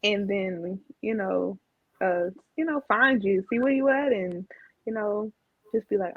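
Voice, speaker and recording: A woman's voice: mid-range voice, moderate pace, breathy edge, dry recording, phone-quality sound. A woman co-hosting a casual chat, telling stories animatedly and acting out quotes. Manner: animated storyteller, acts out quotes. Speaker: podcast co-host.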